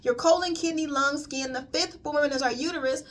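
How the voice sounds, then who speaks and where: High-voiced woman preaching wellness. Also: fairly quick, fairly bright tone. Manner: emphatic and repetitive, calls listeners "queen". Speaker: colon hydrotherapist. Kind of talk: casual spiritual wellness talk.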